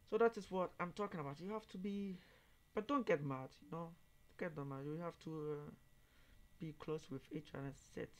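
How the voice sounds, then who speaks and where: Man, reaction host; halting, word-searching English, turns emphatic. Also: fairly high pitch. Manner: halting, searching for words, then emphatic and raised when quoting others. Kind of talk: casual monologue commentary.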